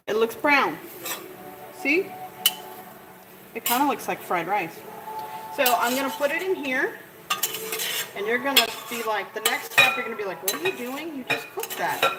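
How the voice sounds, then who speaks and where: A woman chatting casually to viewers as she cooks, rambling through her steps in a home kitchen. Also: fairly high pitch. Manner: chatty, rambling, talks to viewers while cooking. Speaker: home cook showing a recipe. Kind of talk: casual cooking tutorial. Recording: echoey kitchen, off-mic, loud cooking noise.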